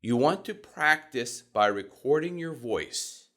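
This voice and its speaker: A middle-aged man with a Southern US accent, teaching voice technique in a calm, measured, deliberate way. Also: medium pitch. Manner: calm, measured and deliberate, demonstrating vocal examples. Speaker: voice coach. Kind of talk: instructional talk.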